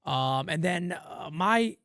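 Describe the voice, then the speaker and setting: A man's voice: high voice, animated, slow pace, a bit bright, no room sound, clean studio sound. A man hosting a live play-by-play stream, calling the game with sarcastic, exasperated fan commentary. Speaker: host.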